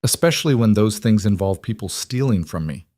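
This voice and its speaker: A controlled mafia boss speaks in a calm, matter-of-fact voice that sits low, played by a male narrator. He stays conversational and almost gentle. The sound is close and dry. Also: brisk, no echo. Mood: cold.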